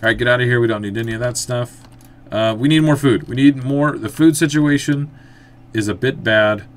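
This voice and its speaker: A man giving casual let's-play commentary, thinking aloud as he plays and breaking into excited outbursts. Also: medium pitch, fairly quick. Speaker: gameplay commentator.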